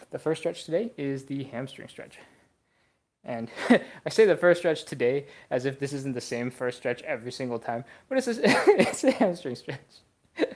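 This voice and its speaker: A young adult stretching instructor with a mid-range voice leads a live class, coaching casually and counting reps between breathy exhales.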